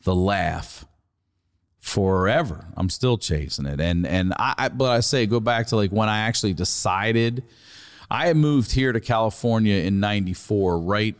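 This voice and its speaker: A middle-aged man from Maryland, a comedian guest telling a profane, animated story in casual conversation. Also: fairly low pitch, normal speed, clear, resonant tone.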